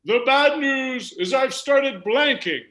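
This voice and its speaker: A man voicing a very old man, drawing out each word slowly, in a comedy game show parody. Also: extremely high pitch, animated, reverberant, background noise, pitched above the performer's own voice, exaggerated voice. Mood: hammy. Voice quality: slow, drawn-out old man's voice. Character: quavering 102-year-old man.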